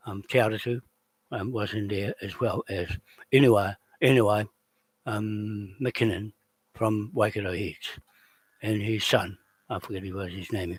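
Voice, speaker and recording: A man in an unscripted rant, heated and accusatory, swearing and often shouting. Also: lowish voice, slightly rough, no echo. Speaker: video host.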